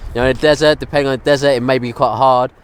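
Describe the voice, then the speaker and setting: A man's voice: medium pitch, fairly even intonation, racing, slight background noise. A man filming himself alone in a small dinghy at sea, talking loosely with many fillers, weak and seasick. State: cold and tired, speaking low. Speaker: survival vlogger. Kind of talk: self-filmed survival vlog. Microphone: self-held camera.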